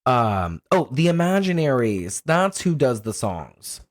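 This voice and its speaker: A man's voice: mid-range voice, sing-song, unhurried, no room sound. A man with a mid-range voice talks through a movie plot in a loose, chatty way, often breaking into laughter. The sound is dry and close, with no room around it. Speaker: podcast co-host. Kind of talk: casual film review chat.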